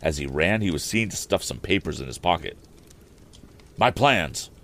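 A man narrating a storybook aloud as podcast host, in an expressive, measured storytelling way. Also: rumbling low, a little hiss or hum. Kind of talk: audiobook narration.

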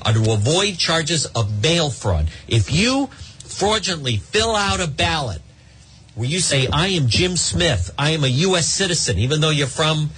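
A man's voice: a little high, unhurried, a little hiss or hum. A middle-aged man hosting a talk radio show, ranting sarcastically and rambling through live ad reads into a studio mic. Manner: animated, sarcastic, rambling, mock-exasperated.

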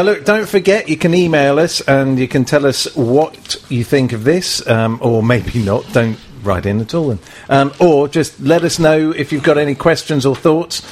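A man co-hosts a football podcast in a relaxed, chatty way and passes along listener notices. His voice sits at an ordinary middle pitch. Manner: relaxed, reads listener plugs. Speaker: podcast co-host. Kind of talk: casual football chat.

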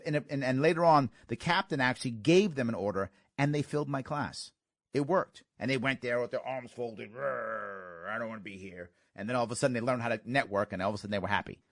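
A man's voice: mid-range voice, no room sound, clean studio sound. A man hosting a show, talking casually and animatedly to his listeners, with restarts and giggles. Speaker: podcast host. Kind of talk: casual solo talk answering listener questions.

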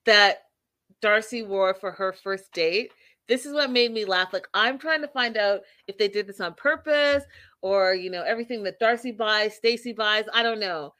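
A woman's voice: mid-range voice, fairly bright tone. A woman hosting a casual live-stream recap of reality TV, chatty and opinionated, with many fillers.

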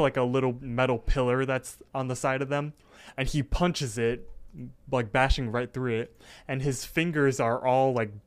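A man's clean-toned, mid-range voice carries a rambling podcast recap of a cartoon episode. As co-host, he keeps things casual, with lots of fillers and restarts.

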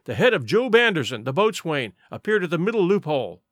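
A man's voice: fairly high pitch, very animated, brisk, no room sound, studio quality. A man narrating an adventure audiobook in a vivid, dramatic storytelling manner.

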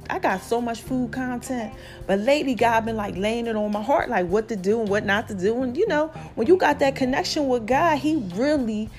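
A woman's voice, pitched a little high, carries a New Jersey accent blended with a Southern lilt. She rambles in animated slang, telling her viewers about her faith. Light music plays faintly behind her. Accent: New Jersey mixed with Southern US. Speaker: vlogger. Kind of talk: casual faith testimony vlog.

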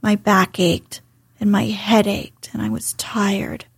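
A woman's voice: medium pitch, level tone, takes it slowly, no echo, heavily acted. A woman doing a sulky, whispery sickly boy. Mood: petulant. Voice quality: breathy whisper. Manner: sulky, self-pitying. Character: sickly spoiled petulant young boy.

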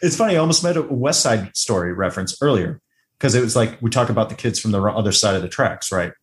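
A man with a fairly low voice co-hosts a casual movie podcast. He talks in a loose, joking way and slips into little acted-out quotes as he breaks down scenes. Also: fast talker. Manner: animated, joking, acts out quotes. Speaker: podcast co-host. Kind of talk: casual film review chat.

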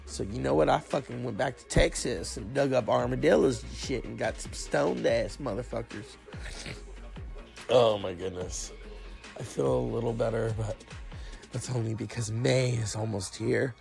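A man's voice: medium pitch, moderate pace, gravelly, darkish tone, faint music behind. A man sick with a cough, ranting casually and sarcastically with lots of profanity as the host of a solo talk show. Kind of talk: casual rant.

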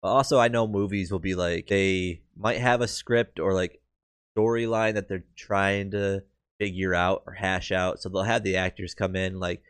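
A young man co-hosting a podcast, easygoing and hedging as he gives his views. His voice sits very low. The recording is dry and close. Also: fairly even intonation, moderate pace, a bit bright, smooth, no room sound. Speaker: podcast co-host. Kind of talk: casual chat.

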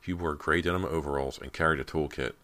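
Male audiobook narrator, extremely deep voice, measured and ominous. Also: steady tone, sharp tone. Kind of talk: scripted narration.

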